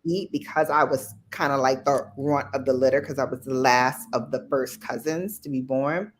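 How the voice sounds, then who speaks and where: Low-voiced woman telling stories. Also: moderate pace. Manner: rambling, reflective storytelling with fillers. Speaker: guest. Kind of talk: casual live stream chat.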